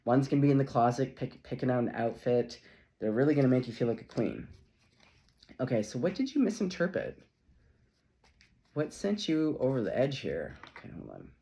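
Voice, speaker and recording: A middle-aged man giving a casual, chatty tarot reading to camera, playful and quick to laugh, with lots of asides. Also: medium pitch, sing-song, creaky, warm tone. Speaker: tarot reader.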